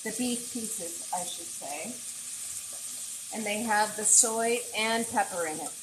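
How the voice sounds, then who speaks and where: A woman chef hosts a casual cooking livestream from her home kitchen, talking straight to her viewers as she works. Her voice sits at a middling pitch and comes through an earbud mic. The room sounds echoey, with a faint frying sizzle behind her. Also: slow, noisy background. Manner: chatty, talks straight to viewers while cooking. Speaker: chef and host.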